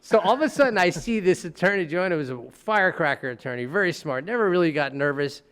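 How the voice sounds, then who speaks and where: High-voiced man telling animated courtroom stories. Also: quick pace, smooth. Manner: animated, acting out courtroom scenes. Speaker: trial lawyer. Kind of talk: storytelling in casual podcast chat.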